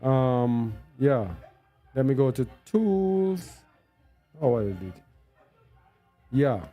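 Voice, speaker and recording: Man, bible teacher, slow delivery, thinks aloud, repeats words for emphasis, faint music behind. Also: mid-range voice, big pitch swings, dark tone. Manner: thinks aloud while searching on screen; stresses words by repeating them. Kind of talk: unscripted scripture teaching.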